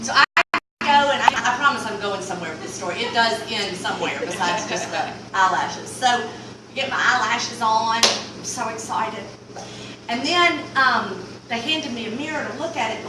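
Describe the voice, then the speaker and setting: A woman with a Mississippi Southern accent telling a comic story in a casual, animated drawl, with sudden loud exclamations when she quotes herself. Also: fairly high pitch, moderate pace. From Mississippi Delta. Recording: roomy, distant mic, clear background noise.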